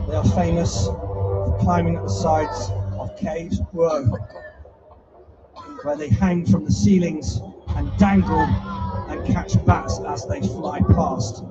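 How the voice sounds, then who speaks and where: A man presenting a live animal show to an audience, chatty and teasing with a playful showman's patter. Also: a little high. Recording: distant mic, dull sound, music behind.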